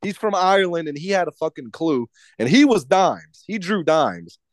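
A man with a high, light voice rants through a casual podcast chat, swearing freely and tripping over restarts. The sound is dry and close, with no room around it. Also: very animated, normal speed, no room sound. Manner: profane ranting with stumbling restarts. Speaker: podcast co-host.

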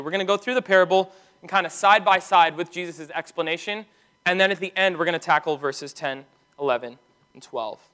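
High-voiced man preaching earnestly. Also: bright, forceful tone. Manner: earnest, emphatic preaching with slowed, stressed commands. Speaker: pastor. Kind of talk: sermon.

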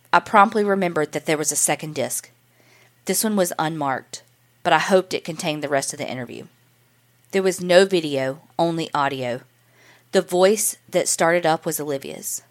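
A woman's voice: deep voice, moderate pace. A woman narrating a story as a teacher, in an earnest, emotional storytelling manner. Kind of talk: scripted narration.

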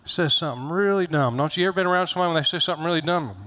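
A man's voice: a little high, rapid-fire, hardly any pauses, fairly bright tone. A middle-aged man pastor giving a conversational sermon, folksy and joking, repeating phrases for emphasis.

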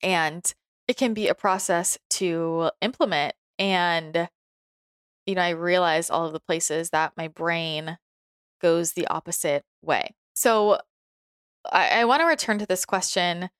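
A woman's voice: on the low side, a little slow, fairly bright tone, clean tone, dry recording, clean studio sound. A young woman talking casually and reflectively on her own, chatty and laughing often, with many restarts and fillers.

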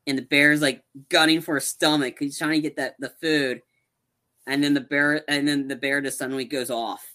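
A man's voice: on the high side, level tone, moderate pace, sharp tone. A man co-hosting a podcast, rambling animatedly through a movie recap with many restarts. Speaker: podcast co-host. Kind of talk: casual chat recapping a movie.

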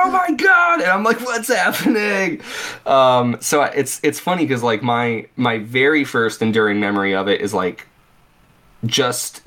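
Young male podcast co-host, lively storyteller, plain middle-pitched voice. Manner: animated storytelling, acting out remembered reactions. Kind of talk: casual podcast chat.

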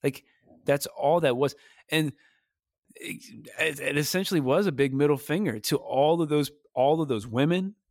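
A man co-hosting a podcast, speaking in a heated, animated and slangy way in casual chat. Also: fairly high pitch, moderate pace, dry recording, studio quality. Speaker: podcast co-host.

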